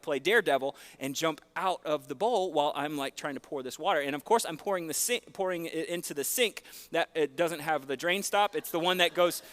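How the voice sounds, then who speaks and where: A man preaching, telling a long, animated, self-deprecating story with lots of fillers in a church. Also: high-pitched. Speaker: pastor. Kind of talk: sermon storytelling. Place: church sanctuary.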